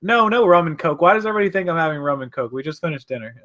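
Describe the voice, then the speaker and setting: A man's voice: on the high side, fast talker, a bit bright. A man hosting a casual live stream from his home office, chatting loosely, correcting himself and answering viewers' comments. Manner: rambling, chatty, self-correcting.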